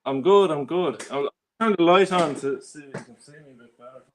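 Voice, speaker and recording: A chatty, self-deprecating man with a North County Dublin Irish accent, his voice sitting a little higher than most. He talks casually over a computer mic on a video call. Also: brisk, a little hiss or hum. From Ireland. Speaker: guest on a livestream. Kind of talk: casual chat.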